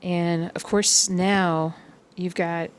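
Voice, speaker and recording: A woman chatting casually while she stitches, rambling through everyday stories and sometimes humming or singing softly along to music. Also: on the low side, little pitch movement, very slow, smooth. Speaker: cross-stitch vlogger.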